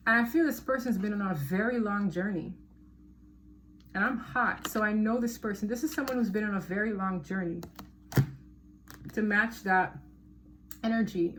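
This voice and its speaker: A woman's voice: mid-range voice, slight background noise. A woman giving a casual tarot reading to her viewers, talking emphatically and repeating words for stress. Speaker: tarot reader.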